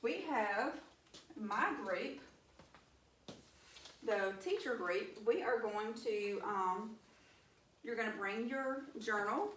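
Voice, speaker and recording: A woman's voice: medium pitch, fairly bright tone, echoey room, recorded from a distance. A woman with a Southern US accent teaching young children a phonics lesson, upbeat and encouraging. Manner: upbeat, encouraging, addresses class with y'all. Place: classroom.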